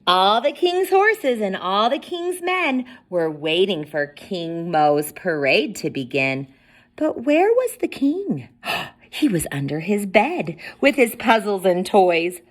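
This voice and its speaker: A woman reading a picture book aloud at children's story time, expressive and asking the listeners questions. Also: mid-range voice, takes it slowly.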